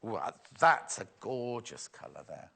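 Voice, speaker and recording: A man's voice: fairly low pitch, sing-song, unhurried, gravelly, pushed and bright, breathy edge. A man hosting a live shopping show, chatty and self-mocking, often giggling at his own jokes. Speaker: shopping channel presenter. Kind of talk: live TV sales chat.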